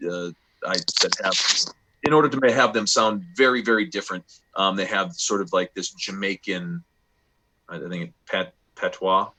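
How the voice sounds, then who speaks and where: A man narrates a tabletop role-playing game as game master. He talks in a loose, rambling way, full of fillers and restarts. His low voice has a bright, forceful edge.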